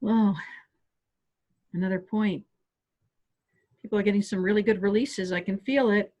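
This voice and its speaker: A woman calmly guiding listeners step by step through a stress relief tapping exercise on a video call. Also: mid-range voice, moderate pace. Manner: calm step-by-step coaching. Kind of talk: guided tapping exercise instruction. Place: home office on a webinar.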